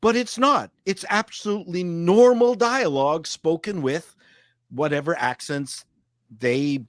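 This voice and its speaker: A man on a podcast panel in casual chat, animated and quick to laugh, often restarting his sentences. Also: on the high side, no room sound, studio quality.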